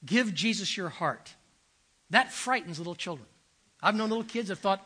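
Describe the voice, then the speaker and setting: A man's voice: high voice, lively intonation, normal speed, bright, forceful tone, breathy edge. An older man preaching a sermon as pastor, earnest and emphatic, telling stories and repeating phrases for effect.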